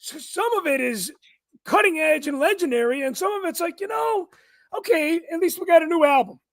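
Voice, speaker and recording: A man with an unusually high, thin, strained voice chatting casually as a podcast guest, blunt and quick to swear and laugh. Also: expressive, gravelly, no room sound, clean studio sound. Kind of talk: casual chat.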